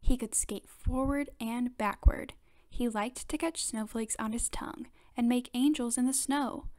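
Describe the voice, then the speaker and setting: A woman reading a children's picture book aloud with clear, expressive storytelling. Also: fairly high pitch, measured pace.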